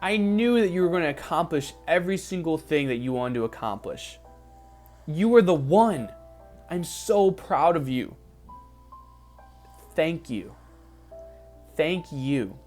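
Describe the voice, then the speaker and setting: A man's voice: fairly high pitch, lively intonation, a little slow, long pauses, a little mellow, faint music behind, voice pushed up. A man voicing a proud, beaming male God who repeats his praise, in a motivational guided visualization.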